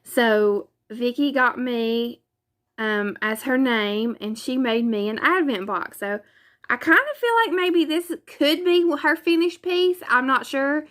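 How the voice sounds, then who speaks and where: A woman's voice: high-pitched, slow pace, fairly bright tone. A woman, chatting casually in a craft vlog, gushing and exclaiming often. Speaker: craft vlogger. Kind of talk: casual chat.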